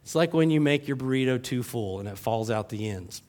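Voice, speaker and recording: A man preaching a sermon as pastor, repeating his points, asking the congregation questions and joking, rising and slowing on key words. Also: mid-range voice, expressive, a little mellow.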